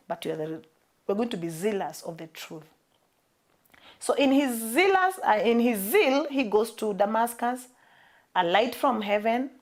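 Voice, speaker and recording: A woman's voice: mid-range voice, darkish tone. A woman with a Kenyan accent preaching a sermon, emphatic and repeating her key phrases for weight.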